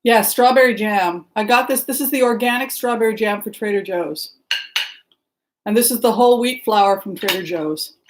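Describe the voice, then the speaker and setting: A woman's voice: mid-range voice, moderate pace, slight background noise, poor audio. A middle-aged woman from the Seattle area, chatting casually and rambling as she greets viewers by name during a livestream. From Seattle area, Washington. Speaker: livestream host. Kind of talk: casual chat with live viewers.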